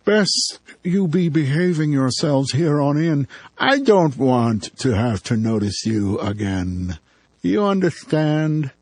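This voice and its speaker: A man voicing a stern, bullying small-town police officer who talks slowly and menacingly. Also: a little high, sing-song, no echo, voice pushed up, heavily acted. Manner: menacing, slow and overbearing.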